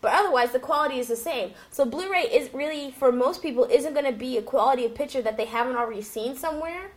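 A woman's voice: high voice, quick pace. A woman co-hosting a casual chat, talking through a TV review with frequent ums. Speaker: podcast co-host reviewing a TV.

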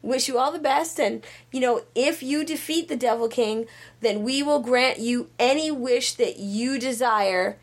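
Brisk bossy goddess, as a woman retells her. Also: fairly high pitch.

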